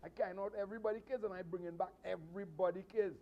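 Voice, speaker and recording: A middle-aged man with a Trinidadian accent, a martial arts instructor telling travel stories to his students with animated emphasis and repetition. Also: sits high, rapid-fire. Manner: animated, repeats phrases for emphasis. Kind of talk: storytelling speech to students. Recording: slightly dull sound, faint noise.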